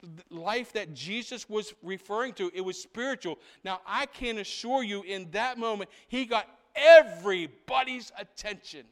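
High, clear-voiced preacher swinging loud to hushed. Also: male voice, moderate pace, in a large hall. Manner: swings between loud, rising proclamation and hushed, intimate asides; keeps checking in with the congregation with a repeated "right?". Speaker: pastor. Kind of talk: sermon. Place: church.

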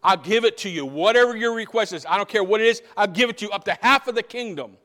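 A man voicing a generous ancient king within his sermon, in his own high voice. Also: fast, pushed and bright. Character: generous ancient king, eager to grant wishes.

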